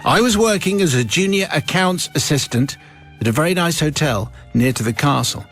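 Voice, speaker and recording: A man's voice: on the high side, lively intonation, normal speed, a bit bright, soft background music. A middle-aged English man presenting a radio show, joking with co-hosts and reading listener letters aloud. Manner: jokey, reads listener letters. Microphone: studio microphone.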